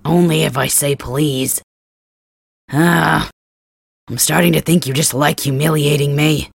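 A man voicing a gruff, teasing young male cat hybrid in an ASMR role-play, grumbling and blunt, with a gravelly, husky voice, close to the mic. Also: on the high side, steady tone, a little slow, dry recording, full character voice.

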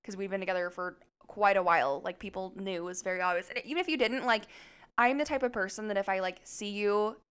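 A woman sits at the mic and tells a story in casual, animated podcast chatter, cursing easily. Her voice is smooth and clear at a middle pitch. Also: fast. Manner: animated, chatty, swears freely. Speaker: podcast co-host.

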